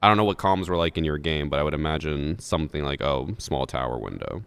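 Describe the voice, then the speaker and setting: A man's voice: extremely low pitch, fast, fairly bright tone, clean tone, dry recording. A man streaming and reviewing a match replay, chatting casually and thinking aloud with fillers. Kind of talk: casual gaming chat.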